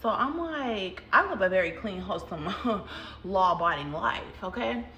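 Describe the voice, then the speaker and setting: A woman hairstylist tells a story to camera in a lively, talkative way, calling her viewers y'all. Her voice is bright and forceful. The recording has a noticeable roomy echo. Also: mid-range voice, a little slow, slight background noise. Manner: animated, chatty storytelling that addresses viewers as y'all. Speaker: salon owner and hairstylist. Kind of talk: casual storytime vlog.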